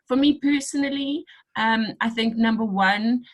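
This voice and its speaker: A woman's voice: on the high side, measured pace. A middle-aged woman hosting a podcast, chatting casually, laughing often and acting out bits of conversation. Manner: chatty, laughs often, acts out quoted dialogue. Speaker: podcast host. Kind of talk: casual chat.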